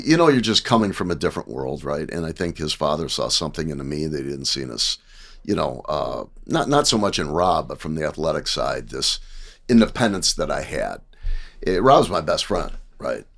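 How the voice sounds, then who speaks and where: A man in his sixties from the American Midwest, telling lively anecdotes as a podcast guest and often checking in with "right?". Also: rumbling low, creaky. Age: 60s. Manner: animated anecdotes, acting out dialogue, frequent "right?". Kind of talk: casual storytelling.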